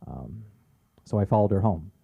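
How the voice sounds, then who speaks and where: A man doing a stand-up set at an open mic on a comedy club stage, delivering deadpan punchlines and chuckling at his own jokes. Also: sits low, normal speed, gravelly, narrow, tinny audio. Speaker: stand-up comic.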